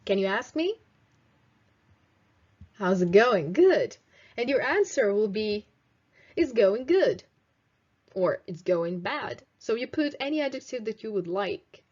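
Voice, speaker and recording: A young woman teaching English in a video lesson, slowly modelling phrases for students to repeat. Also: mid-range voice, big pitch swings, a little mellow, highs cut off. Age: 20s. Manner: slow, clear teaching delivery with drilled example phrases.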